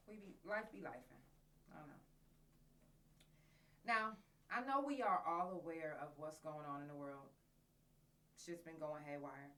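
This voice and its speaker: Profane, slangy woman podcast host, lowish voice. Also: fairly bright tone, far from the mic. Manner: loose, profane storytelling with slang. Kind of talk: casual solo podcast talk.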